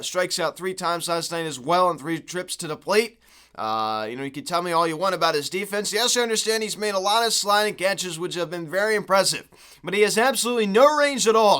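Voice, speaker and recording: A man's voice: fairly high pitch, sharp tone. A man hosting a sports podcast alone, giving a frustrated, rambling recap with lots of "uh" and "you know". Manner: frustrated, exasperated, rambling with many fillers. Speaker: podcast host. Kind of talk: solo sports recap rant.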